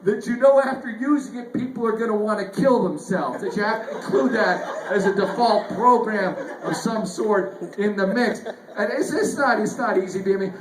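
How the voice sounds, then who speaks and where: High-voiced male stand-up comic. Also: normal speed, hardly any pauses, a crowd in the background. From Northern Ireland. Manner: chuckles through lines, animated retellings. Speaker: stand-up comedian. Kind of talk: stand-up comedy set. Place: comedy club stage. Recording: echoey club, faint noise.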